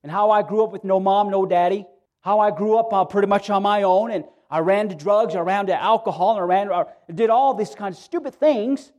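A man's voice: high voice, fairly quick, a little mellow, lo-fi sound. Earnest man preaching a sermon. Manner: earnest, repetitive preaching with frequent restarts. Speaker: pastor. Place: church.

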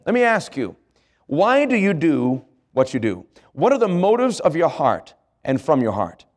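A pastor delivering a morning sermon in a voice pitched a little above most men. He spells out words letter by letter, asks his listeners questions, and slows down to weigh key phrases. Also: huge pitch swings. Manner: slows to stress key phrases, rises in passion. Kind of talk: sermon with fill-in handout.

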